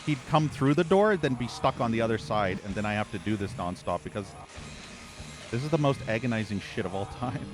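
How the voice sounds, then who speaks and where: A man's voice: lowish voice, expressive, a little fast, over music. A man streaming a horror game, ranting with angry, profane commentary and exasperated sighs as he plays. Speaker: gaming streamer.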